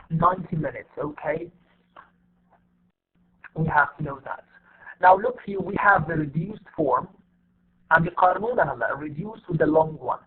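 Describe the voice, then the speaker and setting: This is an online class lecture from a male English teacher with a high voice, heard on a tinny line. Arabic is his first language, and he explains things step by step, repetitively and with plenty of fillers.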